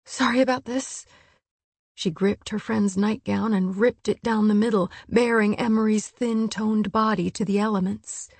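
A woman narrating an audiobook in a hushed, measured storytelling voice. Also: mid-range voice, steady tone, dry recording. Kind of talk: scripted narration.

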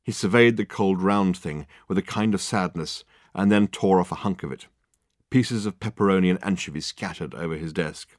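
A man reading an audiobook with measured, dry storytelling. His voice sits fairly low, and the recording is dry and close. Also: no echo. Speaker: audiobook narrator. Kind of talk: scripted narration.

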